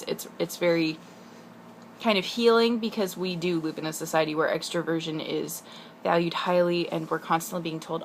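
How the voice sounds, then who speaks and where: A young woman from the Pacific Northwest rambling in a casual video letter to her sister, chatty and self-deprecating with quick asides. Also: lowish voice, a little hiss or hum. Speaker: vlogger.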